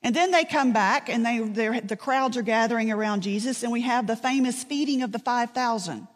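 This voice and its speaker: A woman's voice: on the high side, brisk. Woman preaching in a reverberant hall. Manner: conversational storytelling with dry asides. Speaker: pastor. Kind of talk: sermon.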